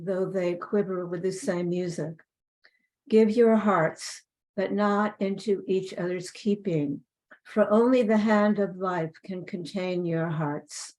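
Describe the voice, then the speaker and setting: A woman reading a poetic passage aloud to a spiritual group, measured and solemn. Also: medium pitch, darkish tone, low-quality recording. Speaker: community member reading aloud.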